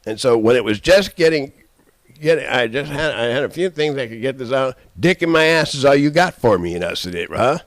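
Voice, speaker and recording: A man's voice: mid-range voice, lively intonation, fairly quick, no echo. Man in a rambling, profane rant. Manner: profane, rambling, swings between shouting and muttering. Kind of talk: angry personal rant. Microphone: handheld camera.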